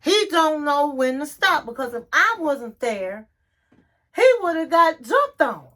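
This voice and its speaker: Woman mimicking a shrill, exasperated young woman. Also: sing-song, unhurried, sharp tone, heavily acted. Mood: annoyed. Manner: shrill, incredulous.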